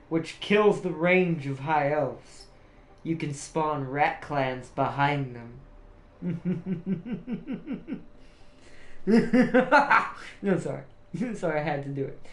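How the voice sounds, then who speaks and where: A man hosting a livestream, chatting casually and laughing often, rambling with restarts. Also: on the high side. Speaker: livestream host. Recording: roomy echo, faint music behind.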